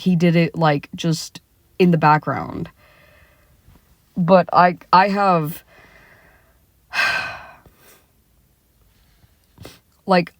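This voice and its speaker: A woman's voice: medium pitch, no echo, studio quality. A young woman ranting about a cartoon character from her car, heated and swearing, with many fillers and restarts. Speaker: vlogger. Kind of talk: casual opinion rant. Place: sitting in a car.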